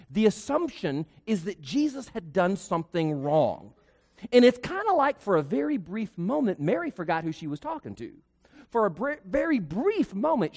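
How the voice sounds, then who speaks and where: A man's voice: sits high, darkish tone, big-room sound. A man preaching a sermon as pastor, with folksy humor and rhetorical questions.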